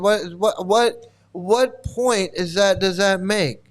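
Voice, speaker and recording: This commentary host rants in heated, profane, repetitive reactions, full of swearing and repeated lines. He has a high-pitched voice and takes his time, speaking unhurriedly.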